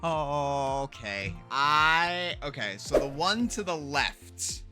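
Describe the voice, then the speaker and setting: A young man doing casual gaming commentary on a call, stumbling over restarts and slowing down to tell spooky stories. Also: fairly high pitch, lively intonation, music in the background. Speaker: gaming YouTuber.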